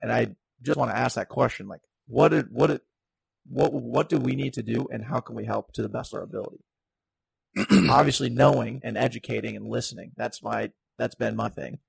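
A man's voice: mid-range voice, brisk, gravelly, husky, no echo, low-quality recording. A man hosting a podcast, asking questions in a hesitant way and searching for his words. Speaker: podcast host. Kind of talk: casual podcast interview.

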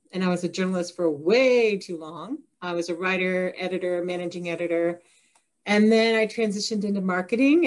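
Laughing, self-deprecating woman guest. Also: mid-range voice. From Indiana, USA. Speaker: author guest. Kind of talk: casual interview chat.

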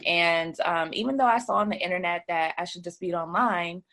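Interview guest, woman with a lowish voice, relaxed storytelling, lots of fillers. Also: a little fast. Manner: chatty, telling her story with many fillers. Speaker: credit repair business owner, guest. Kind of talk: casual interview talk.

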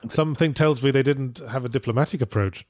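A man's voice: mid-range voice, fast talker, darkish tone, no room sound. A man co-hosting a podcast in casual chat, dry and sardonic. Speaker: podcast co-host.

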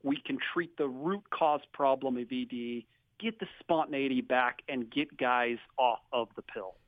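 A man from a clinic giving an upbeat, salesy sponsor pitch on a radio show. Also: normal speed, no echo, phone-quality sound. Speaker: clinic representative, sponsor guest.

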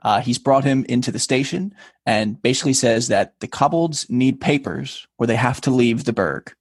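A man's voice: mid-range voice, normal speed, slightly rough, no echo, studio quality. A man co-hosting a podcast, casually recapping a show, swearing freely. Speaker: podcast co-host.

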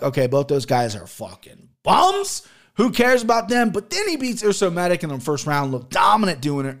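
A man with a somewhat high voice breaks down fight results in a loose, casual way. He is blunt and profane, and his thoughts ramble with frequent fillers. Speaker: MMA podcast host reviewing fights. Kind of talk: casual chat.

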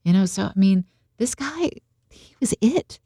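A woman's voice: medium pitch, lively intonation, measured pace, warm tone, husky, dry recording, clean studio sound. A woman in casual conversation, retelling a story with animation and acting out the quotes. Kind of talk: casual faith discussion.

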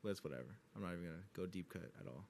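A man chatting casually as a co-host, rambling and excitable, often trailing off while searching for words and swearing easily. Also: deep voice, rapid-fire, gravelly. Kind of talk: casual chat.

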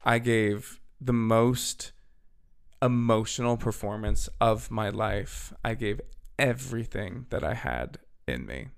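A young man with a low, gravelly voice tells a story on his podcast in a loose, chatty way. He leans on "like" and "literally" as he goes, and his voice sounds a little worn and hoarse. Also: takes it slowly. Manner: chatty, filler-heavy, "literally" and "like". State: slightly hoarse, losing his voice. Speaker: podcast host. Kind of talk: casual storytelling.

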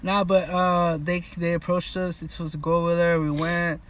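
A man's voice: a little high, little pitch movement, normal speed, over a noisy crowd. A man hosting a casual podcast and telling a story among friends, laid-back, swearing often and laughing. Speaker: podcast host. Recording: slightly distant mic with faint background noise.

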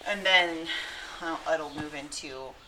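A woman's voice: deep voice, takes it slowly, bright, forceful tone, a little hiss or hum, low-quality recording. A woman hosting a casual podcast, chatting about her life, swearing casually and trailing off into restarts. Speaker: podcast host. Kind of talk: casual chat.

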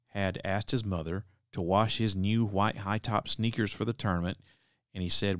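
A man recounts a true-crime case in a relaxed, conversational way, pausing for asides and restarting his sentences. His voice sits low. The sound is dry, with no room around it. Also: clear, resonant tone, no room sound. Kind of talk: casual true-crime narration.

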